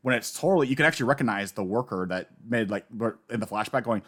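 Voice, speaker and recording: Hyped guy retelling a manga arc, avg pitch, keeps slipping into little character voices. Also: fast talker, few pauses. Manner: excitable storyteller, acts out quoted characters. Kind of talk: casual manga discussion.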